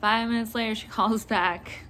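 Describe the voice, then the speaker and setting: A woman who works in retail telling a casual storytime about a customer, animated and often laughing. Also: fairly high pitch, normal speed, slight background noise. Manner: animated, laughing, mimicking others. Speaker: retail store worker.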